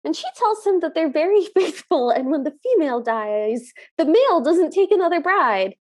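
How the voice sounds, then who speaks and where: A woman co-hosting a podcast, retelling a movie's plot in lively casual chat and acting out the lines. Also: extremely high pitch, moderate pace. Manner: animated, laughing, recaps scenes and acts out the lines. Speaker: podcast co-host.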